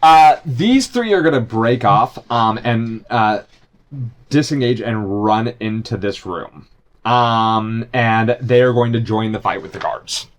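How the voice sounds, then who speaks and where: Man, game master, tabletop narration, stop-start delivery, mid pitch. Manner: halting, many fillers and restarts, bursts into shouted character lines.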